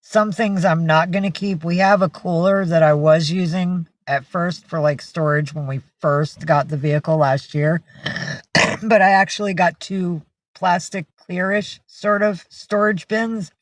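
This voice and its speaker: A woman's voice: fairly low pitch, steady tone, measured pace, dry recording. A middle-aged woman hosting a casual livestream, who chats, reads out viewer names and coos at her pets. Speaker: livestream host.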